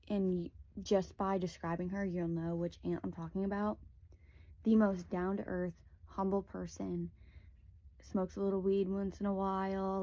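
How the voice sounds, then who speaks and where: Young woman, casual storyteller, warm voice, dead-dry phone recording. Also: mid-range voice, dry recording. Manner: rambling, lots of "like" fillers.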